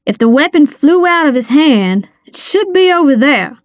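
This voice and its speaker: A woman's voice: high voice, sing-song, moderate pace, no room sound, studio quality, pitched above the performer's own voice. A woman reading aloud, voicing a stern small-town male detective who barks orders. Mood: commanding. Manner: barking orders.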